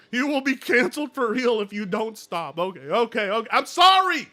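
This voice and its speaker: A man chatting casually on a live stream, excitable, joking and swearing. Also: very high-pitched, normal speed.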